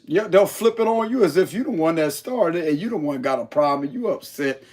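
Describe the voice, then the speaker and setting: Lively high-voiced man doing a slangy tarot reading. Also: a little fast. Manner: blunt, slangy and profane, laughing often. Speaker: tarot reader. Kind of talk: casual tarot reading monologue.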